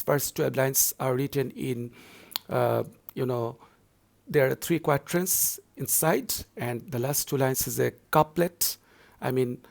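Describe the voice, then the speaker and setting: A man gives a recorded university lecture on poetry meter, going over each point more than once and filling pauses with "uh". His voice sits mid-range with a gravelly edge. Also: mid-range voice. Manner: repetitive, explanatory, frequent filler "uh".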